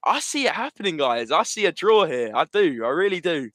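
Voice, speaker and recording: A man's voice: on the high side, very animated, fairly quick, fairly bright tone, no room sound. A man chatting casually as a guest on a livestream, enthusiastic and rambling. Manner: enthusiastic, talks in loose asides. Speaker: guest pundit.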